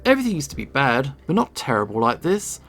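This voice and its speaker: A man voicing a distraught young female cat in a visual novel, shrill and cracking with tears. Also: sing-song, fast talker, a bit bright. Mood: desperate.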